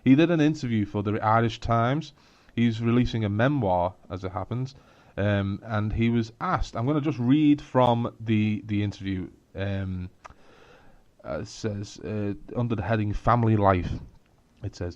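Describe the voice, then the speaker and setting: A blunt, fairly low-voiced man with a Scouse accent, chatting as a podcast co-host and often breaking into laughter. His voice sits dry and close, with a slightly dull, muffled tone. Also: moderate pace, a little mellow, no echo. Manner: blunt, laughing, sweary asides. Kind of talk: casual chat.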